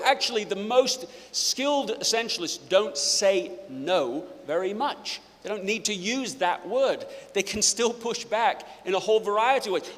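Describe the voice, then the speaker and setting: A man with a somewhat high voice addresses a live audience in a hall whose long reverb trails after his words. He talks with playful energy, interrupts himself and restarts phrases as he goes. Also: expressive, unhurried, hardly any pauses, fairly bright tone. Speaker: speaker presenting to a live audience. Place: auditorium with audience.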